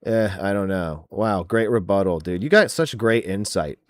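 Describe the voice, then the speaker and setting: Low-voiced mocking podcast host man. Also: animated, normal speed. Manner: mocking, profane, trash-talking; reads viewer comments aloud. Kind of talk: casual chat.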